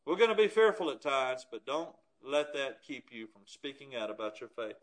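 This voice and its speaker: A man's voice: medium pitch, big pitch swings, normal speed. A male preacher giving an emphatic sermon, often asking his listeners rhetorical questions.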